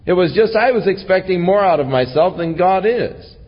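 A man preaching a sermon, teaching earnestly from scripture. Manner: slow, earnest Bible teaching with lively rises in pitch. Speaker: pastor. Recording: lo-fi recording with long hall reverb.

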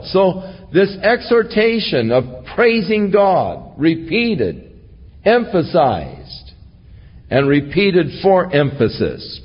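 Pastor, male, husky and unhurried, lively pitch, verse-by-verse preaching, dull recording with long reverb. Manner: reads scripture aloud, then explains it verse by verse. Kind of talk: expository sermon.

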